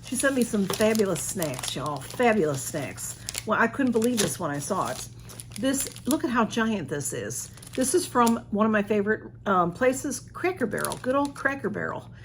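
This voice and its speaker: A woman's voice: medium pitch, big pitch swings, moderate pace, slight background noise. A woman, chatting as she unboxes a gift at home, gushing and a bit flustered. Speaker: unboxing vlogger.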